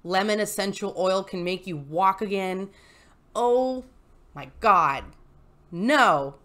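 A woman hosting a casual commentary vlog, reading posts aloud and reacting with animated, exasperated ranting. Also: mid-range voice, takes it slowly. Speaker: YouTube host reading posts.

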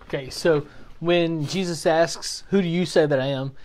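A man teaching a Bible class in a relaxed, explanatory way, with plenty of fillers and restarts. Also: fairly high pitch, normal speed. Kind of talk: casual teaching talk. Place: church classroom.

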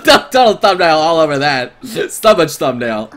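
A man streaming a visual novel, reading its narration aloud and reacting in an excitable, jokey way. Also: on the high side, unhurried. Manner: excitable, jokey, breaks into laughter.

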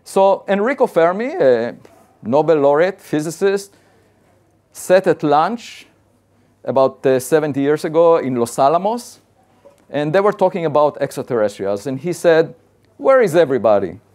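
A man's voice: fairly high pitch, sing-song, moderate pace, a little mellow. A man, an astrophysicist, giving a conversational public science talk and building his arguments point by point in a plain-spoken, insistent way.

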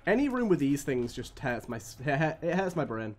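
A young man commentating his own gameplay on a live stream, his voice rising high and dropping low as he grumbles at the game. He swears freely and sounds worn down by bad luck. A faint music track runs behind him. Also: big pitch swings, normal speed, hardly any pauses. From United Kingdom.

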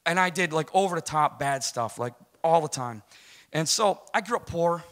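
Bright-voiced man telling his testimony. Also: fairly high pitch, lively intonation, moderate pace. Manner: rambling, self-deprecating storytelling with many restarts. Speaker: guest speaker giving testimony. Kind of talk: personal testimony to a congregation.

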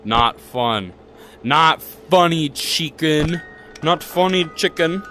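A man's voice: on the high side, expressive, takes it slowly. A young man giving jokey commentary while playing a horror game, talking to the characters and yelping when startled. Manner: jokey, talks to the game characters, jumpy yelps. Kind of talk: casual let's-play commentary. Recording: music playing behind the voice.

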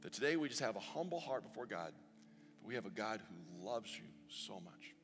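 A man as pastor giving a sermon and a communion prayer, earnest, slowing down to stress each quoted verse. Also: fairly low pitch, very animated. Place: church sanctuary. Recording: long church reverb with soft music.

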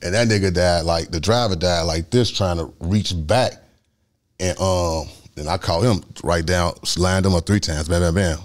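A man speaks in a very low voice. He is a guest telling a long, rambling story. He drops into street slang and acts it out with sound effects. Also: normal speed. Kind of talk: storytelling interview.

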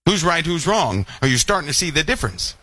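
A man's voice: on the high side, quick pace, dry recording. A man preaching a live online Bible lesson, asking many rhetorical questions. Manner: animated, full of rhetorical questions.

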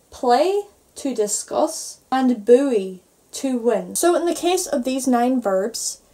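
A woman's voice: a little high, a little mellow. A young Irish woman with an Irish accent giving a patient language lesson, spelling endings out letter by letter. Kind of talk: online grammar lesson.

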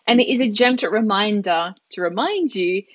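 A woman, teaching Italian vocabulary in a live online lesson, explaining things and drawing out the example words slowly. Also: mid-range voice, animated, husky, no room sound, muffled recording.

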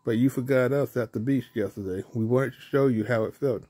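A gentle female cartoon mouse, read by a man from a storybook. He speaks her quietly in a mellow, plain reading voice with no pitch put on. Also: brisk, breathy edge, lightly acted.

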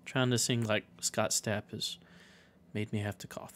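A man's voice: fairly low pitch, little pitch movement, unhurried, a bit bright. Chatty man commenting on gameplay. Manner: chatty, jokes about singing karaoke. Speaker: let's play commentator.

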